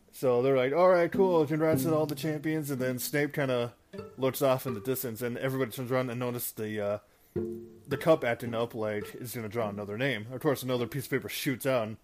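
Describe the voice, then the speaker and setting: Man, casual movie recap host, rambling delivery, mid pitch, guitar music behind. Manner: rambling, many fillers and restarts, laughs at own stumbles. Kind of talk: casual retelling.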